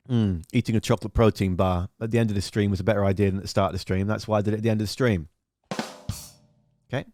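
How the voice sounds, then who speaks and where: A man's voice: medium pitch, no echo, studio quality. A man hosting a live radio stream, chatting casually and telling a rambling, profane, jokey story full of silly acted-out voices.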